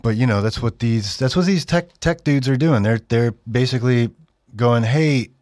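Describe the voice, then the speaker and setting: A man's voice: mid-range voice, moderate pace, a little mellow, no room sound, studio quality. A middle-aged man hosting a radio show, giving sarcastic commentary and mocking the texts he reads aloud. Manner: sardonic, mocking, with exaggerated read-aloud quotes. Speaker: radio host.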